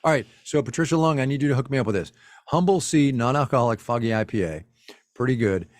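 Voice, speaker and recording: A man's voice: mid-range voice, animated, quick pace, darkish tone, no room sound, clean studio sound. A man co-hosting a casual livestream from a home office, wry and teasing. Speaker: co-host.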